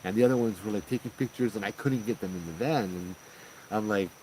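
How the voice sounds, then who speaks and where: A man's voice: on the low side, quick pace, slight background noise, poor audio. Hawaiian-accented man spinning a ghost story. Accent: Hawaiian Pidgin-tinged English. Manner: animated, slangy, lots of "I'm like". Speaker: host telling ghost stories. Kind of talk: casual spoken storytelling.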